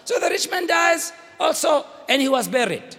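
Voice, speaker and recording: A man with a South African accent preaching a sermon, shouting and dramatic, switching between languages. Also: extremely high pitch, sing-song, moderate pace, some chatter behind. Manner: fiery, shouting, code-switching, theatrical. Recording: reverberant hall with faint noise.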